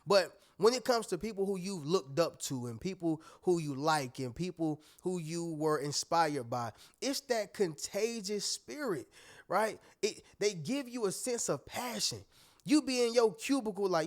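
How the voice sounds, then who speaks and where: A man's voice: high-pitched, lively intonation, normal speed. A man giving a motivational talk straight to his viewers, emphatic and preachy, often checking that they are following. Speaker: motivational speaker.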